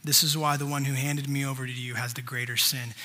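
A man's voice: medium pitch, little pitch movement, fast, sharp tone, in a large hall. A man preaching a sermon, reading scripture aloud and stopping to stress points with emphatic asides. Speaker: pastor.

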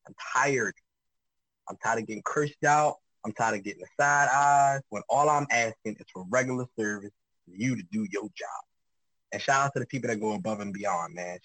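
A man co-hosting a radio talk show, ranting in an emphatic, drawn-out way during casual chat. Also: lowish voice, a bit bright, no room sound, rough recording.

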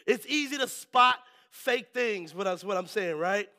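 High, bright-voiced preacher man. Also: unhurried. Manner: lively storytelling, keeps asking the crowd "right?". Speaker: pastor. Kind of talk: sermon.

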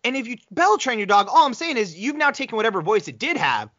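A man's voice: very high voice, fast talker, dry recording, lo-fi sound. A man co-hosting a podcast in casual chat, telling stories animatedly and slipping into voices. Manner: animated storyteller, slips into voices. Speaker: podcast co-host.

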